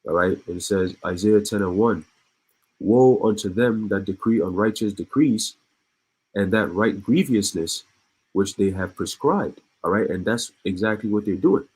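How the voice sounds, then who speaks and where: A low-pitched man reads the news aloud in a casual way and comments between the lines. His voice is husky. He repeats words and breaks off with short laughs. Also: normal speed, darkish tone, rough recording. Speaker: online commentator.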